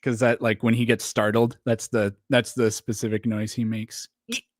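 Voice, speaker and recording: A man's voice: fairly low pitch, level tone, moderate pace, dry recording, clean studio sound. A man chatting casually on a livestream, rambling with lots of fillers and restarts. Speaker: streamer.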